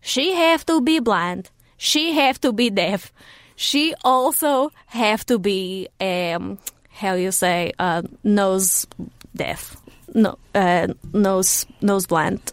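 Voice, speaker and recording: A woman voicing her joking immigrant father in a put-on Russian accent and broken English, telling a slow deadpan joke in a recording booth. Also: medium pitch, no echo.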